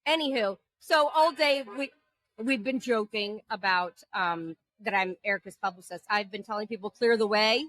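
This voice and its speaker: A jet-lagged woman co-hosting a podcast, chatting casually and telling animated, profane stories. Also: medium pitch, normal speed, no room sound. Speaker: podcast co-host. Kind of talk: casual chat. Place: indoors at a table.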